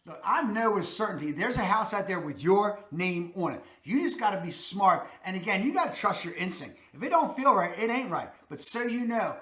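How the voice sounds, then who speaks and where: A man's voice: sits high, sharp tone, roomy sound. A man with a Baltimore accent hosting a real estate video, giving folksy, emphatic advice straight to viewers. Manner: folksy, emphatic, repeats "that's a fact".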